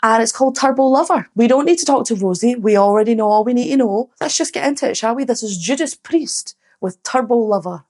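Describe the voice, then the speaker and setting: A Scottish woman who is a singer, chatting casually and lively to her viewers before reacting to a song, with the odd swear. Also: on the high side, brisk, few pauses. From Scotland. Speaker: singer hosting a music reaction channel. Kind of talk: casual chat to camera.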